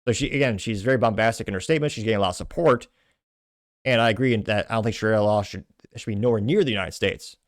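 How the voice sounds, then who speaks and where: A man's voice: lowish voice, quick pace, dry recording. A man from Texas hosting a political commentary show, reading social media posts aloud and adding sardonic, dry asides.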